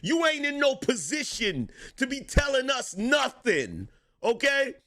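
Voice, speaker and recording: A man's voice: very high voice, huge pitch swings, measured pace, sharp tone, voice pushed up, exaggerated voice. A man voicing a brash, blustering middle-aged male president who scolds in street slang. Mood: scolding.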